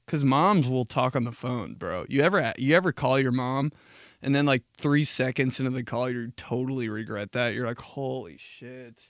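A man's voice: mid-range voice, lively intonation, normal speed, no room sound, clean studio sound. A man in his twenties hosting a podcast, riffing in a casual comedic monologue, swearing freely and laughing at his own jokes. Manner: profane, laughs at his own jokes, jumps into mocking voices. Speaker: podcast host.

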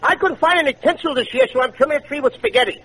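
A man playing a childish, chubby little clown in an old radio comedy, his voice pitched very high and whiny. It rings bright and boyish, pleading and carrying on like a kid. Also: very fast. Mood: excited. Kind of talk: 1940s radio comedy acting.

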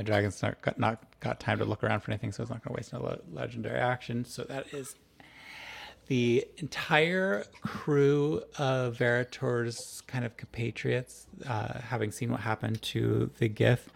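A man narrating as game master of a tabletop game, describing the scene in a halting, drawn-out way. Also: medium pitch, gravelly.

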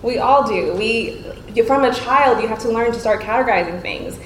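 A woman giving an earnest, measured talk to an audience as a panel speaker. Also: a little high, fairly bright tone. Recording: echoey room with faint noise.

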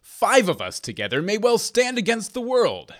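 A brash veteran soldier from a storybook calls companions to his side, his lines climbing high and lively as a man reads him. He sounds emphatic and sure of himself. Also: normal speed, full character voice. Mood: rousing. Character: bold discharged male soldier, leader of six.

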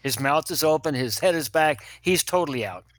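An older man, a pediatrician, telling funny stories in an animated way and acting out the people in them. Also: on the high side, fairly quick, no echo. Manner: animated, acts out other people's voices, laughs at his own stories. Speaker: guest, pediatrician. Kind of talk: anecdotal storytelling.

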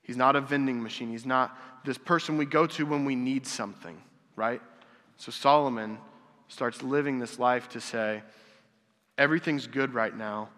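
A man's voice: medium pitch, steady tone, normal speed, a bit bright. A man preaching a casual, conversational sermon, asking rhetorical questions and acting out quotes. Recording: long hall reverb.

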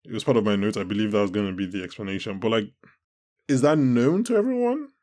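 A man's voice: fairly low pitch, lively intonation, fast, darkish tone. A man hosting a podcast, chatting casually and animatedly, laughing often and restarting his sentences. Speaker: podcast host. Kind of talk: casual chat.

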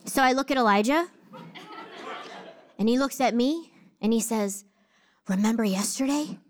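High-voiced woman preaching with humor. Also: moderate pace, some chatter behind, slight background noise. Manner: humorous, animated storyteller. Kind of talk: sermon with personal storytelling.

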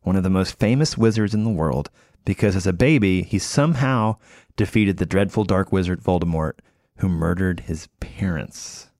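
A man co-hosting a casual book podcast, playful and quick to chuckle. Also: sits low, a little mellow, no echo, clean studio sound. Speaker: podcast co-host.

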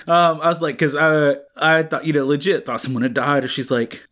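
A man's voice: a little high, steady tone, moderate pace, fairly bright tone. A man in his thirties co-hosting a comics podcast, telling a long anecdote in a casual chat with lots of fillers and restarts. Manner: rambling storyteller, many fillers and restarts. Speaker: podcast co-host.

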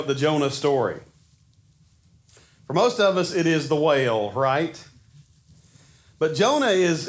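A man in his forties preaching a sermon in a casual, animated storytelling way, acting out the quotes he tells. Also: fairly high pitch. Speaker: pastor.

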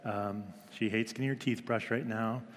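A man's voice: lowish voice, fairly even intonation, moderate pace. A man in his thirties giving a casual devotional talk to a small group, chatty and full of fillers. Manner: chatty, many fillers, mimics his toddler's voice. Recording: long hall reverb.

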